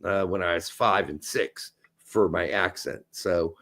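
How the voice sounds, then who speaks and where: A man co-hosting a podcast in casual, crude chat, loud and excitable. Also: low voice, unhurried, vocal fry. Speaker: podcast co-host.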